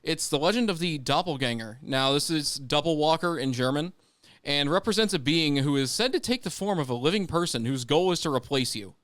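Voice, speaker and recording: Young man, podcast co-host, casual rambling chat, smooth voice, dry close sound. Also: on the high side, fairly quick, dry recording. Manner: relaxed, rambling, joking.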